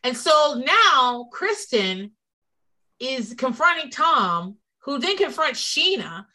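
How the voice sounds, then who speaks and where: A woman's voice: high voice, takes it slowly. A woman co-hosting a casual chat, telling gossip with profanity and acting out quoted lines. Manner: profane, animated storytelling with quoted voices. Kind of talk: casual chat recapping a reality show.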